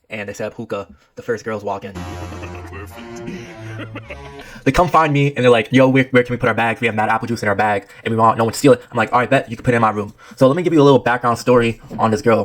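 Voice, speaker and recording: A young man telling a wild party story in casual, slangy, excitable style. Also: mid-range voice, rapid-fire, few pauses, faint music behind.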